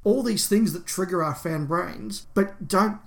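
A man's voice: high-pitched, a little slow, gravelly. A man co-hosting a fan podcast, talking enthusiastically and in detail in casual discussion. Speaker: podcast co-host.

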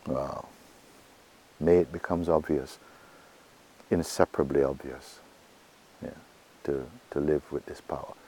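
A man giving a spiritual talk to a gathering, asking questions and answering them himself and softly repeating phrases. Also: extremely low pitch, fairly even intonation, unhurried, pauses often, slightly rough. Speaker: spiritual teacher.

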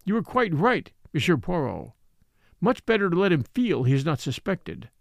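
A man's voice: on the high side, big pitch swings, normal speed, vocal fry, no room sound, studio quality. A man reading the part of a formal, severe middle-aged French magistrate. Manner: formal, polite but severe. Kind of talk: audiobook character reading.

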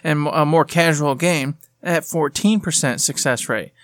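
A man with a slightly higher voice co-hosts a casual gaming podcast, talking in an animated, chatty way. He often acts out what other people said in little put-on voices. The recording is dry and close, with no room sound. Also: normal speed, no echo. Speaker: podcast co-host.

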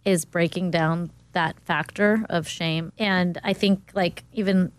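A woman guest on a talk show, speaking in a quick, chatty, supportive way. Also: fairly low pitch, fairly even intonation, smooth, no echo. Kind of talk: casual podcast chat.

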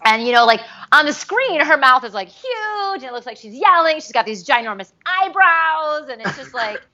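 A woman guest in a casual interview, talking in an animated way with many fillers and restarts. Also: high voice, normal speed. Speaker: voice actress guest. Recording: dull lo-fi recording.

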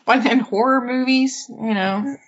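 A woman's voice: on the high side, a little slow, breathy edge, highs cut off. A woman co-hosting a podcast in casual chat, laughing often and reading from an article. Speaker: podcast co-host.

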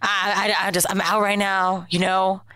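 A woman's voice: medium pitch, little pitch movement, moderate pace, bright, forceful tone, clean tone, no room sound, studio quality, close to an everyday voice. A woman mimicking a creepy man's sleazy voicemail. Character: creepy drunk-sounding man leaving a sleazy voicemail.

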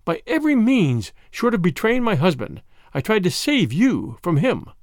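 A man voicing a weary woman in mourning who speaks quietly and reproachfully. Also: sits high, wildly swooping pitch, moderate pace, dry recording, studio quality, heavily acted. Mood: earnest reproach.

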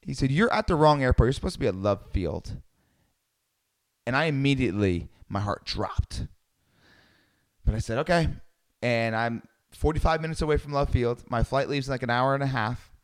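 A man telling a personal travel story in a lively way, acting out the people he quotes. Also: mid-range voice, moderate pace, long pauses. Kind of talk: storytelling talk.

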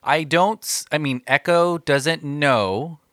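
A man co-hosting a casual chat, talking in halting bursts with many restarts and eager enthusiasm. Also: fairly high pitch, fairly bright tone, dry recording, studio quality. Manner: halting, restarts often, enthusiastic fan talk. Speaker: podcast co-host.

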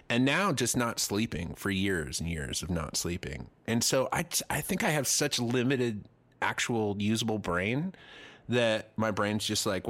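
A man's voice: fairly low pitch, fairly bright tone. A man in his forties, co-hosting a casual comedy chat, rambling and self-deprecating with crude jokes. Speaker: podcast co-host.

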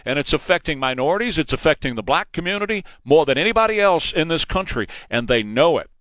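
A forty-something man with a Texan accent runs his radio talk show from the studio, hammering each point home and circling back to repeat it. His voice sits a bit high for a man, and the sound is close and dry, with no room around it. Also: lively intonation, quick pace, a bit bright, no room sound. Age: 40s. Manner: emphatic, opinionated, repeats points for emphasis. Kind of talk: political talk radio monologue. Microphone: studio microphone.

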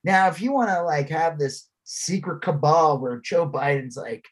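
A man co-hosting a podcast, talking in a blunt, animated, rambling way with plenty of swearing. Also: on the high side, moderate pace, husky, low-quality recording. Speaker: podcast co-host. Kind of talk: casual political chat.

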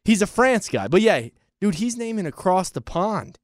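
Lively high-pitched man riffing on air. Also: normal speed, dry recording, clean studio sound. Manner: animated, laughing, acts out quotes. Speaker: radio show co-host. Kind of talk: casual banter.

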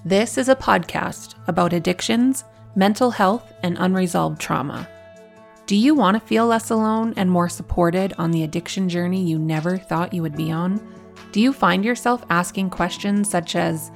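A woman's voice: fairly low pitch, moderate pace, gravelly, faint music behind. A woman in her forties hosting a podcast, telling a personal story in a candid, heartfelt way. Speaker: podcast host.

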